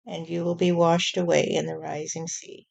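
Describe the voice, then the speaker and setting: A woman channeling God as a stern male deity warning humanity, speaking in a slow, measured way and often repeating "you see". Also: fairly low pitch, level tone, gravelly, a little mellow. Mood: scolding. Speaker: spirit channeler. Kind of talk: channeled spirit message.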